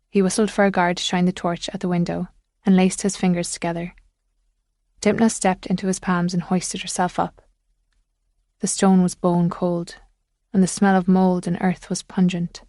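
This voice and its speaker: A woman narrating a thriller audiobook in a measured, suspenseful way. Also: on the low side, level tone, mellow, no echo, clean studio sound.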